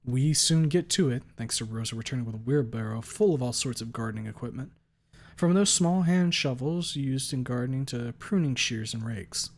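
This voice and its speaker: A man's voice: mid-range voice, normal speed. Man steadily reading a visual novel. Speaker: narrator. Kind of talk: visual novel read aloud.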